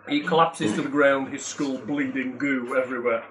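A man's voice: mid-range voice, steady tone, moderate pace, fairly bright tone. A man narrating a tabletop game as game master in a casual, jokey way. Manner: casual, jokey, swears lightly. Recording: distant mic, faint noise.

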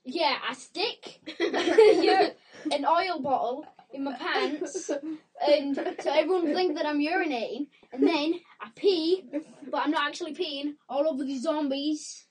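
A woman's voice: high voice, a little slow. A woman playing a tabletop game, joking and boastful. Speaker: player. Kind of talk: casual tabletop play. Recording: distant mic with clear noise.

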